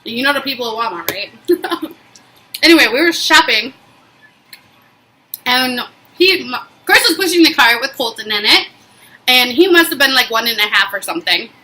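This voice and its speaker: A woman's voice: a little high, moderate pace, long pauses, low-quality recording. A young woman vlogging, telling a personal story in a casual, emphatic way with lots of fillers. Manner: emphatic, animated retelling with frequent fillers.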